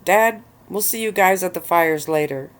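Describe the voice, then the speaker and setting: Casting: a woman doing a firm, bantering young werewolf guy, low voice, storybook read-aloud. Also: normal speed, natural voice. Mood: protective, teasing. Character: protective young male werewolf, bossy and teasing.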